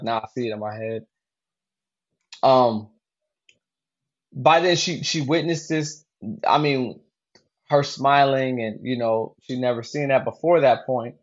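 A man co-hosting a podcast chats loosely about a movie, rambling and restarting his sentences. His voice sits at a middling pitch, and the recording sounds a little dull and lo-fi. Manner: rambling, lots of fillers and restarts. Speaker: podcast co-host. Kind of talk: casual movie discussion.

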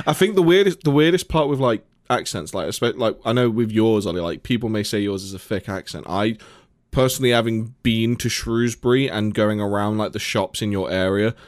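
A man's voice: fairly low pitch, normal speed, no room sound, clean studio sound. A man with a slight northern English accent, bluntly giving opinions in casual chat. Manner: blunt, swears freely, opinionated.

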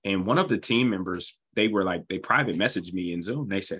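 A man's voice: deep voice, fairly quick, few pauses, fairly bright tone, breathy edge. A man hosting a casual conversation, an enthusiastic storyteller who drifts into rambling asides.

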